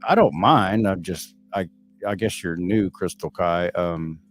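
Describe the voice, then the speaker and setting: A man's voice: sits low, measured pace. A middle-aged man with a Texan accent, hosting a casual live stream and answering viewers' chat in a candid, blunt and profane way. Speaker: livestream host reading chat.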